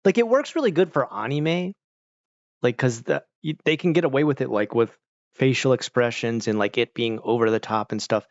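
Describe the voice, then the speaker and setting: A man's voice: medium pitch, fairly even intonation, moderate pace, no room sound. Man, casual streamer chat, rambling with lots of "like", dry close sound, dull lo-fi mic. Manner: rambling, heavy on "like", laughs often. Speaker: streamer chatting with viewers.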